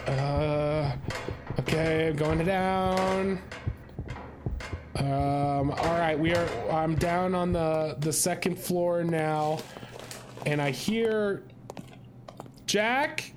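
A man vlogging in a casual, comedic way, talking in a halting, stammering manner. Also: a little high, steady tone, background noise. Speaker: vlogger exploring a house. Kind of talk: casual comedic vlog chat.

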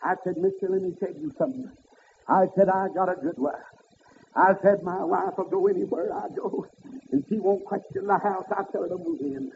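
A man preaching a fiery sermon, swinging up to high shouted peaks. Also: steady tone, normal speed, a little hiss or hum. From American South. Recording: tinny phone-like old sermon tape.

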